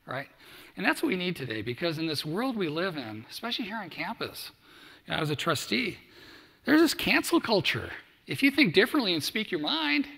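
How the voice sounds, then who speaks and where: A man's voice: a little high, sharp tone. A middle-aged man giving a motivational speech to student athletes, telling stories and acting out quoted dialogue. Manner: storytelling, acts out quoted dialogue. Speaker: keynote speaker. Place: large hall at a summit. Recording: echoey hall.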